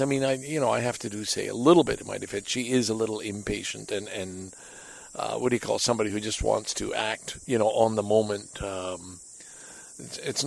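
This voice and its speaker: A man's voice: fairly low pitch, vocal fry, rough recording. A man on his home deck, telling a candid, rambling, self-critical personal story in a casual monologue.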